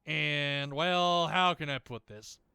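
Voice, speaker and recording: A man's voice: a little high, takes it slowly, gravelly, sharp tone, clean tone, no room sound. A man chatting casually while playing a video game, ranting at length with heavy swearing and rambling restarts. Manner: rambling, many restarts and fillers. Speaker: gaming video creator. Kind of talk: casual chat over gameplay.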